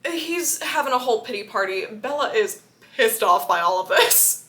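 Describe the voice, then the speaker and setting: A woman book vlogger giving a casual, sarcastic and animated retelling of a novel. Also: on the high side, normal speed. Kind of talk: casual book recap vlog.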